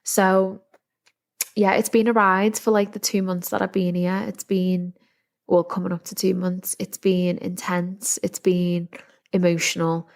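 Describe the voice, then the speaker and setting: A woman's voice: on the low side, little pitch movement, measured pace, gravelly. A young woman hosting a solo podcast, chatting candidly and earnestly with lots of "like" and restarts. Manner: rambling, heavy use of "like", earnest. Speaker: podcast host. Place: house in a forest, window open.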